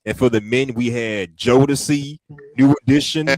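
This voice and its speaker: A man in a casual chat, speaking in a measured way and listing examples. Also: medium pitch, a crowd in the background.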